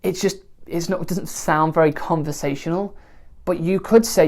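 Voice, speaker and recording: A woman teaching songwriting in a relaxed, conversational way, often pausing to check in with the listener. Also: on the low side. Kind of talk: spoken songwriting lesson to camera.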